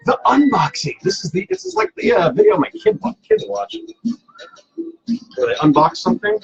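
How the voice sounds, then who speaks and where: A man's voice: extremely high pitch, wildly swooping pitch, moderate pace, vocal fry, lo-fi sound, soft background music. A man hosting a casual live cocktail stream from home, playful and self-mocking, rambling with fillers. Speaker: cocktail show host.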